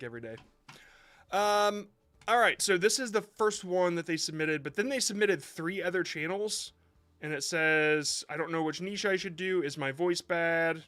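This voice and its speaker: A man's voice: a little high, a bit bright. A man hosting a live stream where he reviews viewers' short videos, talking casually and reassuringly while he rambles and thinks aloud.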